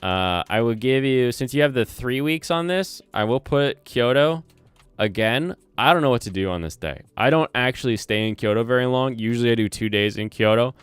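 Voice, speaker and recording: A man's voice: medium pitch, lively intonation, normal speed, clean tone, no echo. A man with a slight Southern US twang, hosting a casual livestream. He rambles, corrects himself as he goes and reads chat aloud, on a close desk microphone. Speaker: streamer and channel host. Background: soft lo-fi music and keyboard typing.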